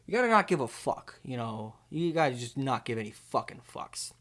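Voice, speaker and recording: A man voicing a laid-back, jaded male clown villain with a slow, smug drawl. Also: mid-range voice, sing-song, fairly bright tone. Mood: lecturing.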